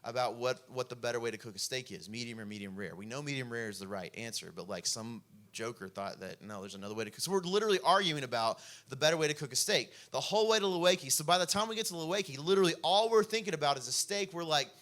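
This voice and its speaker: A man's voice: medium pitch, quick pace, hardly any pauses, a bit bright. A young man preaching a sermon, telling a story in a casual way full of "like" before building to impassioned preaching. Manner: casual, peppered with "like". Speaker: pastor.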